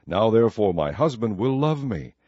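A man reading scripture aloud in a measured, solemn cadence, with a husky voice, on a dull lo-fi recording. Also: fairly low pitch, sing-song, warm tone, dry recording. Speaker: scripture reader. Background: faint music.

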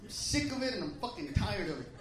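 A man doing a loud, crude stand-up routine, confronting the audience. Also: high-pitched, very animated, fast, background noise. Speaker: stand-up comedian. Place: comedy club stage. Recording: echoey club from a distant mic, crowd laughter. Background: audience laughing.

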